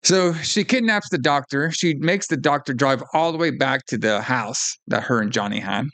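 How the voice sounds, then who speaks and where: A man's voice: mid-range voice, normal speed. A man co-hosting a podcast, casually retelling a film's plot and acting out the characters' lines. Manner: animated retelling, acts out lines, swears. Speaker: podcast co-host. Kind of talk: casual film recap chat.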